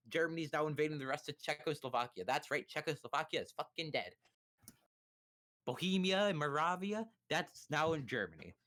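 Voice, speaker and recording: A man's voice: a little high, fairly bright tone. Crude, sarcastic young man ranting history. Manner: crude, sarcastic, rambling with restarts. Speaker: streamer. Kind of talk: profane comedic history rundown. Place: home streaming setup.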